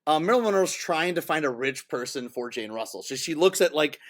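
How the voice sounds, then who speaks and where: A man co-hosting a casual movie podcast, excited and laughing often, acting out lines from scenes. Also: fairly high pitch, brisk. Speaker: podcast co-host.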